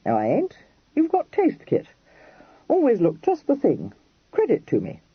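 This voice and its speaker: Man doing a clipped slangy regency dandy, bouncy, husky voice, dry dull sound. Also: very high voice, huge pitch swings, a little slow, dry recording, pitched above the performer's own voice, full character voice. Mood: blunt. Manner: clipped slangy phrases, dropping words. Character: mild young Regency dandy, blunt and fond.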